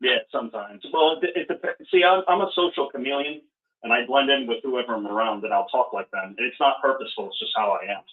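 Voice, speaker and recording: A man from Rhode Island with a New England accent, chatting loosely as host on a call-in show, self-deprecating and quick to laugh. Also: mid-range voice. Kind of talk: casual call-in chat. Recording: phone-like call audio.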